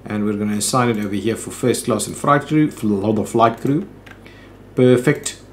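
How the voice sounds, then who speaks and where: A man's voice: on the low side, normal speed, slight background noise. Chatty man narrating his gameplay. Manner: thinks aloud, chatty, frequent "ooh" and "um". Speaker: let's play host. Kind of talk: casual gameplay commentary.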